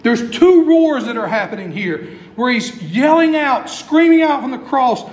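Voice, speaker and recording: High-voiced preacher in an echoey hall. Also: male voice, lively intonation. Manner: preaching with building intensity and long pauses. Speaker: pastor. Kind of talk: sermon.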